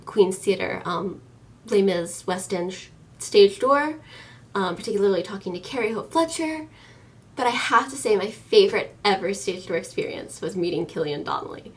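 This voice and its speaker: A woman's voice: medium pitch, animated, normal speed, far from the mic. A young American woman in her early twenties, chatting to camera in a casual vlog, eager and full of ums and likes. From United States. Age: early 20s. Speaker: vlogger.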